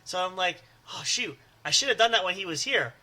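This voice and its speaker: Bright upbeat man chatting and laughing. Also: sits high, lively intonation, a little fast. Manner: laughing, stammering impressions of movie lines. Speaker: podcast co-host. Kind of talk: casual chat.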